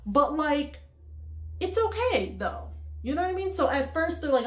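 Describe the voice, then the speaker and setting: A woman's voice: high-pitched, lively intonation, unhurried, darkish tone. A woman vlogger casually recapping a movie in a chatty way, full of fillers, acting out the characters' lines as she goes. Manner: chatty, lots of "like" and acted-out quotes. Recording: echoey room.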